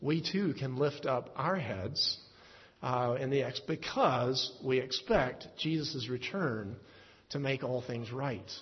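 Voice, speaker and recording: A man teaching a Bible passage in a halting way, with many fillers and restarts. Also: mid-range voice, breathy edge. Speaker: preacher. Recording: dull lo-fi recording in a reverberant hall.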